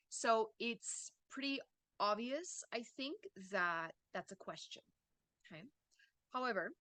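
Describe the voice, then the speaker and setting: A woman's voice: medium pitch, a bit bright, dry recording. A woman teaching an English lesson, explaining patiently and checking in with "okay?" as she goes.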